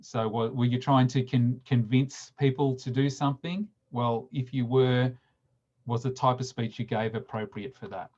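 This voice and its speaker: Man, mid-pitched, instructional meeting talk, halting delivery with restarts, slightly muffled recording. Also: fairly even intonation, a little mellow. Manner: halting, repeats words and restarts; slows down sharply to demonstrate emphasis. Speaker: speaker giving public speaking tips.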